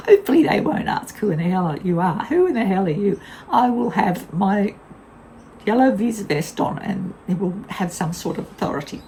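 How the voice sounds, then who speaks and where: A woman's voice: medium pitch, animated, unhurried, mellow, a little hiss or hum, low-quality recording. An older woman tells a casual vlog story in a blunt, candid way, laughing often. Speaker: vlogger.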